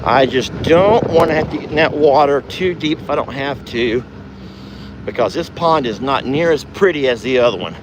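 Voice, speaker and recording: A man's voice: medium pitch, moderate pace, noisy background. A man chatting folksily as host of a farm livestream, outdoors. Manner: folksy, chatty, calls loudly to his deaf dog. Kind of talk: casual livestream chat.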